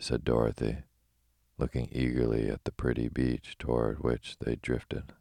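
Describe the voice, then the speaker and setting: A man reading a bedtime story aloud in a calm, steady narration. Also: a bass voice, measured pace, creaky, no echo, studio quality.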